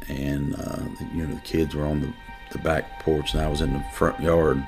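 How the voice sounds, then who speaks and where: A middle-aged man, a police detective, telling a personal story in an interview in an earnest, emotional way with halting restarts. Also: rumbling low, level tone, a little mellow, faint music behind.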